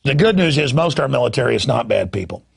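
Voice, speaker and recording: Gravelly, fervent talk-show host man. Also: mid-range voice, expressive, quick pace. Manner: fervent, urgent and preachy, with repeated restarts. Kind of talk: impassioned political talk-show monologue.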